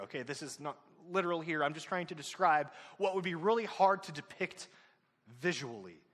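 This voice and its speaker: A man's voice: a little high, bright, forceful tone, long reverb tail. Man narrating a story to his class. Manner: explains plot to students with fillers and asides. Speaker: teacher.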